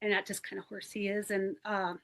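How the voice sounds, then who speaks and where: A woman's voice: mid-range voice, little pitch movement, brisk, creaky, a bit bright. Plain-spoken woman telling a story. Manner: plain-spoken, rambling with many fillers. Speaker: search and rescue volunteer. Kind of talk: personal storytelling in an interview.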